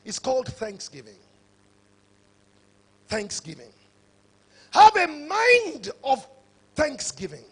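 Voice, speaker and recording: A man giving a motivational conference talk, preacher-like and rising to shouts for emphasis. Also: very high voice. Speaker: conference speaker.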